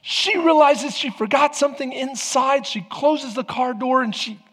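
A man's voice: extremely high pitch, measured pace, a bit bright, slightly rough. A man preaching as a pastor, telling stories and calling out to the congregation. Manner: storytelling with audience call-outs. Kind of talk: sermon. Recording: long hall reverb.

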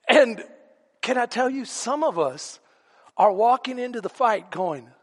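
High-voiced Texan pastor in a reverberant church. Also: male voice, expressive, unhurried, pauses often, a faint crowd. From Texas. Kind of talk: sermon.

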